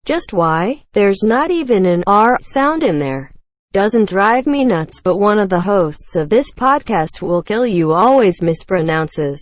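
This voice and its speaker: A woman reading a string of forum comments aloud in an even, flat read. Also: medium pitch, measured pace, no room sound. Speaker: narrator reading forum posts.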